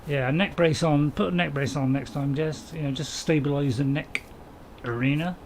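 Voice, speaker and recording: A middle-aged man gives chatty, jokey live-stream commentary, chuckling and reading his viewers' messages aloud. His voice sits a little higher than most men's. A faint hum of ambient noise runs under his desk mic. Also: steady tone, moderate pace, rough recording. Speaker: gameplay streamer.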